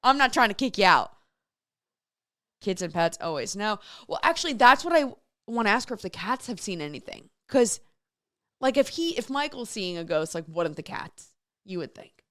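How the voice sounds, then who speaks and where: A woman's voice: medium pitch, very animated, normal speed, a bit bright, dry recording, studio quality. A woman hosting a radio show solo, telling a story in a chatty way and reading listener messages aloud. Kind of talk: casual solo radio chat.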